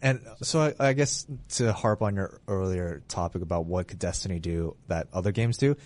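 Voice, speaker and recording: Man, low voice, podcast host, casual gaming talk, eager and rambly. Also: moderate pace, darkish tone. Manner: enthusiastic, rambling with restarts.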